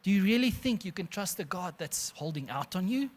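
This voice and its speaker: A preacher voicing a sly male devil, whispering temptations in a hushed, coaxing way during a sermon. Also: sits high, lively intonation, fairly quick.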